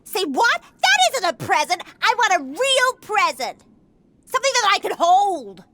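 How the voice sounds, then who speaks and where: Spoiled, demanding little girl; very high, unhurried, game music underneath. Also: big pitch swings, pushed and bright, dry recording, exaggerated voice. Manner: whiny, demanding.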